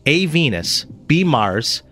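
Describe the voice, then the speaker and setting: A man's voice: fairly high pitch, very animated, takes it slowly, fairly bright tone, faint music behind. A man hosting a quiz game, reading out multiple-choice questions in a playful, teasing way. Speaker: radio quiz host.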